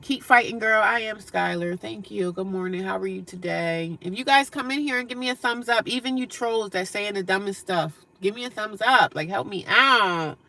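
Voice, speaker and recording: Blunt, bright-voiced woman live-streaming. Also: medium pitch, moderate pace, vocal fry, hardly any pauses. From United States. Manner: blunt, scolding trolls, sarcastic. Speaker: livestreamer reading viewer comments. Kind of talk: casual live-stream chat.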